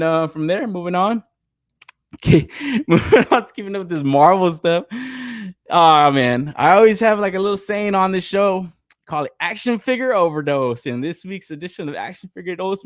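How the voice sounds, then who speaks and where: A man's voice: medium pitch, dry recording, clean studio sound. A young man hosting a toy podcast in casual, loose chat, swearing freely and laughing often. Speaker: podcast host. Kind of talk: casual toy-news commentary.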